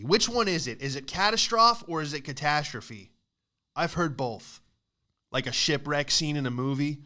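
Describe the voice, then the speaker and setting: A young man riffs through a comic monologue on his own show, rambling and poking fun at himself. His voice is bright and crisp. He slips into quick impressions of the people in his stories. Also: mid-range voice, expressive. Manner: rambling, self-deprecating, acts out quoted voices. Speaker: podcast host. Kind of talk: comedic storytelling monologue.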